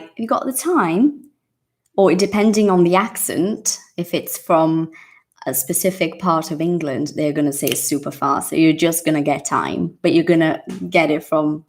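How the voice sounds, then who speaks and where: Lively woman teaching English live. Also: low-pitched. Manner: lively, acts out little dialogues, chatty with viewers. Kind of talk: casual live-stream teaching, reading viewer comments.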